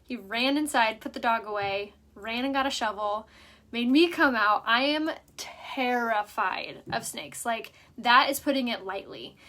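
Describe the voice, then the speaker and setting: A woman's voice: a little high, unhurried, sharp tone. Chatty young woman, lots of "like". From San Diego, California. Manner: rambling, lots of "like" fillers. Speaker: makeup livestream host. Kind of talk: casual chatty livestream. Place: at home.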